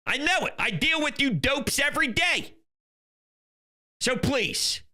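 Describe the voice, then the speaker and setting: A young man with a very high, piercing, tense voice hosts a sports talk show. He rants in heated, exasperated bursts and often breaks into shouting. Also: big pitch swings, takes it slowly. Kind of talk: ranting sports commentary.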